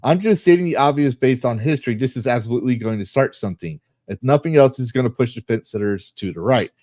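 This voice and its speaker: A man's voice: mid-range voice, lively intonation, quick pace, warm tone, no room sound. A man hosting a casual online discussion, reading posts aloud and reacting with blunt, profane commentary. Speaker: host.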